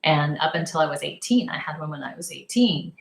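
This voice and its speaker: A woman's voice: deep voice, fairly quick, gravelly. Chatty woman in an echoey room. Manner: chatty, rambling, laughs often, animated retellings. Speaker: vlogger sharing personal experience. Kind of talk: casual personal storytelling.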